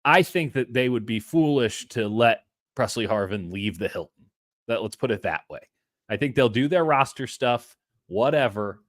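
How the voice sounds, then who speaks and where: A man hosting a sports talk show in easygoing chat. His voice sits at a middling pitch and he talks in animated bursts, rising and falling in loudness. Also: normal speed, no room sound, clean studio sound. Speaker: podcast host.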